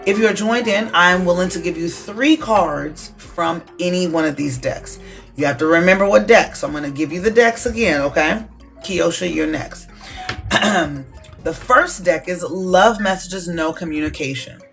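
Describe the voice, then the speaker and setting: A tarot reader hosts a live-stream session and runs through the card decks in a loose, chatty way. The voice sits at a middle pitch and keeps checking in with listeners. A little music plays quietly in the background. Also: normal speed, gravelly. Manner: casual, chatty, checks in with "okay?" often.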